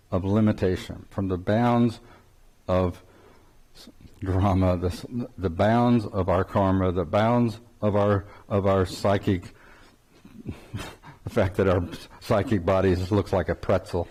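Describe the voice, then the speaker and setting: A man's voice: sits low, darkish tone. An older man giving an informal spiritual talk, telling a story with frequent chuckles and rambling restarts. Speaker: spiritual teacher.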